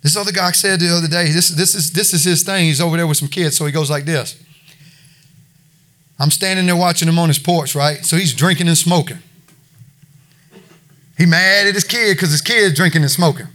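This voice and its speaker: A middle-aged man delivering an informal sermon to a congregation. His voice sits high and sounds bright and forward. He talks in a folksy, conversational way, circling back and repeating himself as he makes his points. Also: a little fast, long pauses. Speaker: preacher at a recovery ministry.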